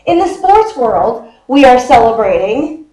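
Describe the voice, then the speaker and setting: A woman pastor in her fifties preaches in a loose, chatty way, tossing questions to her congregation. Her voice sits high but has a mellow tone. The sound rings around an echoey church sanctuary. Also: very animated, unhurried. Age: 50s. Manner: chatty, quizzes the congregation, laughs often. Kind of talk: conversational sermon.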